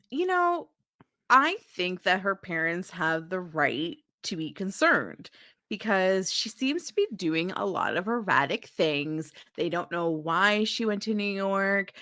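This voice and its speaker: A woman's voice: mid-range voice, expressive, slow pace, pushed and bright, dry recording, clean studio sound. A woman co-hosting a podcast, casually recapping a TV episode in a blunt, sweary way and mimicking the characters. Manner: blunt, sweary, acts out characters in mocking voices. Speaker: podcast co-host.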